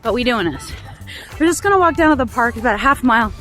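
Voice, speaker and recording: A woman in her fifties vlogging about her day in a casual, chatty, animated way. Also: on the high side, quick pace, soft background music. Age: 50s.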